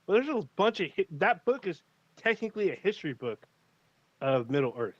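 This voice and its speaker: A man's voice: high voice, very animated, a little fast, dry recording. Laid-back profane man, muffled mic. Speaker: podcast co-host. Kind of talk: casual livestream chat.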